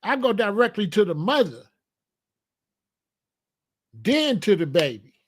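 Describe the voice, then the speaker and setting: A man's voice: sits high, big pitch swings, a little slow. A man hosting his own channel, giving emphatic, repetitive advice about family and discipline in a casual monologue. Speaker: host.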